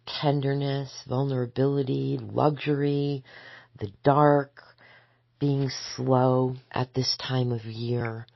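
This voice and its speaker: A woman and spiritual teacher giving a gentle, measured spoken reflection that sometimes sinks into soft whispers. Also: rumbling low, dry recording, highs cut off. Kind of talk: slow reflective spoken essay.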